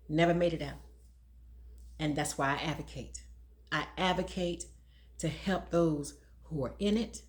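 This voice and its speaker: A woman's voice: medium pitch, a bit bright. A woman in her sixties, a domestic violence advocate speaking casually to the camera, emphatic and preachy and laughing often between her points.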